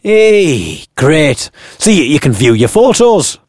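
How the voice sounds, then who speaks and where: A chatty, opinionated cabbie, put on by a male narrator, pitched a little higher than the storyteller's own voice. He opens lines with a cheery "hey" and ends them with folksy tag questions, his voice rising and falling with a lively, sing-song lilt and a husky edge. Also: takes it slowly, no room sound, clean studio sound, exaggerated voice. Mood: cheery, chummy. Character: chatty opinionated middle-aged male taxi driver.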